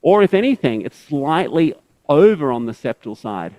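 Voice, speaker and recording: Higher-voiced man teaching live surgery. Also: sing-song, moderate pace, darkish tone, dry recording, low-quality recording. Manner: explains step by step, with tag questions and restarts. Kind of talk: live surgical teaching commentary.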